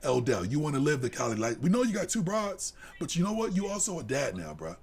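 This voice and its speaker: A man co-hosting a live sports podcast, delivering a heated, profane rant that drops to low mutters and climbs to shouts. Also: very animated, fast, husky. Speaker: podcast co-host.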